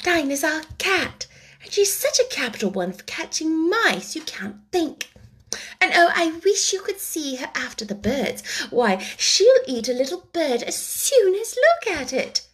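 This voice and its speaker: A woman's voice: high voice, very animated, a little slow, fairly bright tone, pitched above the performer's own voice, heavily acted. A woman voicing an eager, earnest young girl in a storybook reading, with prim, old-fashioned phrasing.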